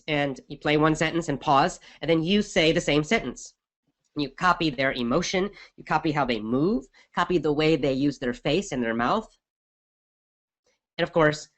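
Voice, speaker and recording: A middle-aged man, an English teacher, answers listener questions on his podcast in an energetic, emphatic, conversational way. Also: on the high side.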